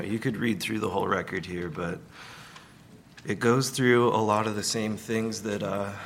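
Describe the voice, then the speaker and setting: A man giving a conversational Sunday sermon, relaxed, with many fillers and light humor. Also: on the low side, vocal fry, a little hiss or hum. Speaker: preacher.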